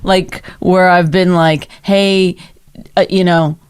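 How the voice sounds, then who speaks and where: A woman's voice: lowish voice, fairly even intonation, slow pace, clean tone, no room sound. A female comedian co-hosting a podcast, chatting casually and wryly with plenty of fillers. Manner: casual, wry, with many fillers and asides.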